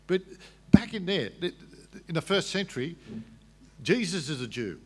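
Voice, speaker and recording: A man's voice: fairly high pitch, very animated, moderate pace, fairly bright tone, husky. A man at a public debate, explaining scripture patiently, with frequent restarts. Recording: long hall reverb.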